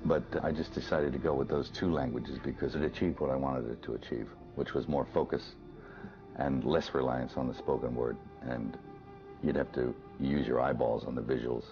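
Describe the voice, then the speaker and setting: Very deep-voiced man, muffled, music behind. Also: fairly even intonation, normal speed. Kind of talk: documentary interview. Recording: dull, muffled interview audio.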